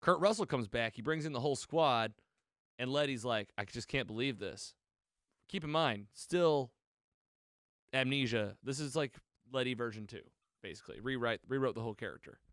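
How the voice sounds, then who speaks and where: A man talking into a close podcast mic, retelling a film's plot in a loose, rambling way, acting out characters' lines as he goes. His voice is smooth and resonant, sitting in a middle register, and the sound is dry and close. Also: mid-range voice, normal speed, no echo. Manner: rambling, animated retelling with quoted lines and self-corrections. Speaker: podcast co-host. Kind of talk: casual movie recap chat.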